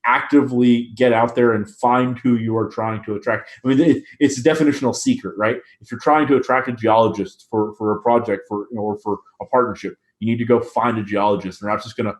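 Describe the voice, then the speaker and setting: A man's voice: medium pitch, fairly even intonation, quick pace, hardly any pauses. A middle-aged man co-hosting a business podcast, talking casually and correcting himself often as he works through his points. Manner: rambling, self-correcting, many restarts. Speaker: podcast co-host.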